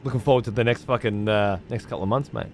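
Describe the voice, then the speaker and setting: This streamer chats casually while reading viewer messages, relaxed and freely swearing, with slang like "mate" and "cunt." He speaks quickly in a voice on the low side. There's a little hiss or hum.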